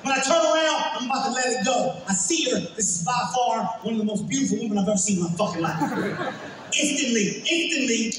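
A male stand-up comedian performing live in a large arena, animated and exasperated, shouting his punchlines. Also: very high voice, fast. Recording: echoey arena heard from far off with crowd noise.

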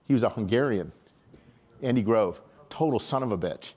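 An older man from upstate New York giving an animated, conversational conference talk, often restarting his sentences. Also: fairly low pitch, moderate pace. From upstate New York, USA. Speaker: conference speaker.

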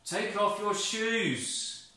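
Heard from a distance in a very echoey room, the voice of God is commanding yet kindly, declaiming loud and firm with a bright, forceful edge, as a man reads the story aloud. He speaks slowly and with great authority. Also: high voice, lively intonation, pitched above the performer's own voice, exaggerated voice.

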